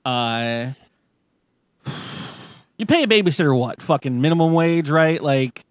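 A man's voice: a little high, lively intonation, a little slow, smooth, no echo, studio quality. A man hosting a podcast, telling a story in a rambling, profane, casual way with many restarts. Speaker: podcast host. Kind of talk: casual chat, retelling a story.

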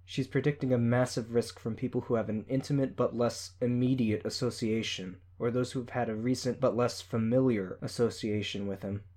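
A man's voice: medium pitch, steady tone, moderate pace, hardly any pauses, dark tone, close to an everyday voice. A man voicing an analytical, matter-of-fact young male hero.

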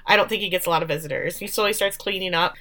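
A woman's voice: on the low side, very fast. A woman co-hosting a podcast, chatting casually and acting out the lines she quotes as she recaps a show. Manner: animated, acts out quoted lines. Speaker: podcast co-host.

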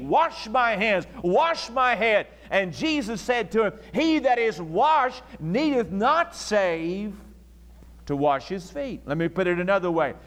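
A male pastor with a high voice preaching from the pulpit. He leans hard on key words, slowing right down for emphasis. The archival church recording has a long, echoing reverb. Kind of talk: sermon. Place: church sanctuary.

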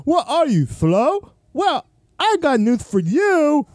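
A man putting on a mocking parody of a French Canadian woman vlogger, with an exaggerated drawn-out delivery and a put-on French Canadian accent. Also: extremely high pitch, huge pitch swings, a little mellow, no room sound, studio quality, voice pushed up, heavily acted. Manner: exaggerated, drawn-out, laughing mockery.

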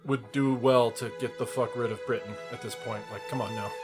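A man co-hosting a casual comedy podcast, profane and animated, reading text aloud in between jokes. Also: mid-range voice, a little fast, over music. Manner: profane, animated, swears often.

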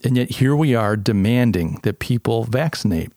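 A man's voice: medium pitch, animated, normal speed, warm tone, no room sound, studio quality. A man hosting a podcast in an emphatic opinion monologue, firing off strings of rhetorical questions. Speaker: podcast host.

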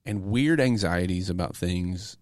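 Low-voiced man, dry studio sound. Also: measured pace, no echo. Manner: relaxed storytelling, easy laughs. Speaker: podcast co-host, youth pastor. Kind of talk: casual chat.

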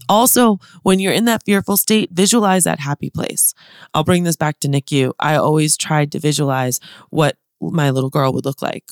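A woman's voice: low voice, dry recording, studio quality. A woman in her thirties hosting a motivational podcast, talking to listeners in an upbeat, chatty, direct way. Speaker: podcast host and business consultant.

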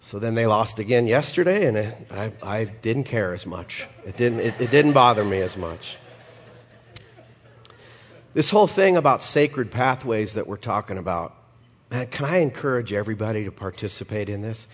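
Pastor guy preaching, lively and jokey, long hall reverb. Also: on the low side, normal speed. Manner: animated, humorous asides, acts out quoted lines. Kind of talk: sermon.

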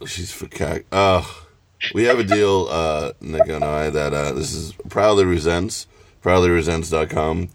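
A man's voice: a bass voice, a little slow, dry recording. A man co-hosting a casual comedy podcast over a call, teasing and laughing often. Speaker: podcast co-host.

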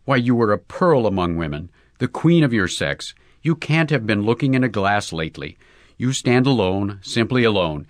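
A man voicing an excitable young male golfer, talking earnestly in breezy slang. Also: fairly low pitch, moderate pace, dry recording, studio quality, lightly acted.

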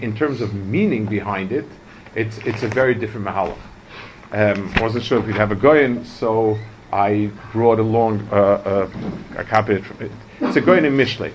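A man giving a Torah class, talking in a halting way with many restarts and Hebrew terms. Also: medium pitch, a little hiss or hum. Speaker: Torah teacher. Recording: dull lo-fi recording with faint ambience.

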